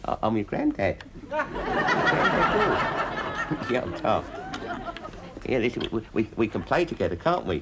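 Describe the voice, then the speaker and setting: Henpecked husband, stammering and sheepish, lively pitch, noisy TV audio. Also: male voice, slow, pauses often, over a noisy crowd, exaggerated voice. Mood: cooing. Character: bumbling middle-aged husband, henpecked. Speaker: sitcom husband. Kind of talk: 1970s studio sitcom acting. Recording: noisy TV soundtrack.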